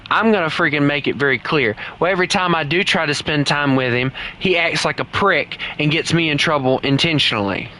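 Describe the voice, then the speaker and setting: A man's voice: fairly high pitch, brisk, hardly any pauses, a little hiss or hum, low-quality recording. A young man, chatting casually and ranting while he plays a game from his home setup. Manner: loose, rambling, swings into loud frustrated outbursts. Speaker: gaming streamer. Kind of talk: casual gameplay commentary.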